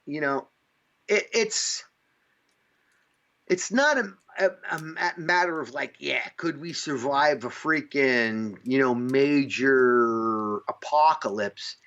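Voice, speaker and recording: Speaking slowly with lively intonation, this upstate New York podcast host has a voice that sits a bit high for a man and comes across pushed and bright. His casual talk rambles, is peppered with fillers, and includes the odd profanity. The audio is dull and lo-fi.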